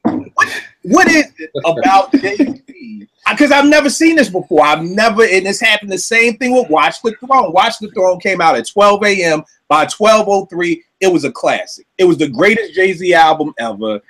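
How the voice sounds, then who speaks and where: A man hosting a casual talk show, ranting in an animated, profane, incredulous storytelling way. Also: high-pitched, moderate pace. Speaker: podcast host. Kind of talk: casual comedic rant.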